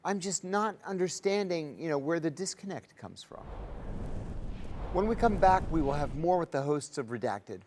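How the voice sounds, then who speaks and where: Man, talk show host, earnest, emphatic, somewhat higher voice, studio mic. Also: lively intonation, normal speed, a little mellow, slight background noise. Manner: earnest, rising emphasis, acts out quoted voices.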